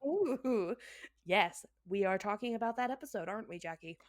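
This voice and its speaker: A woman's voice: medium pitch, fast talker, dry recording, studio quality. A young adult woman co-hosting a podcast, chatting casually while a bit tipsy, laughing often and swearing freely. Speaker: podcast co-host. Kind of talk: casual chat.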